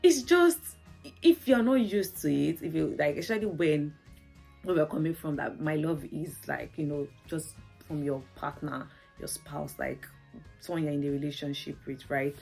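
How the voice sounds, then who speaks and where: A woman's voice: low voice, moderate pace, gravelly, a little mellow, slightly rough, soft background music. A Nigerian woman vlogging in a casual, chatty, storytelling way, laughing often and saying "like" a lot. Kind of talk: casual chat to camera.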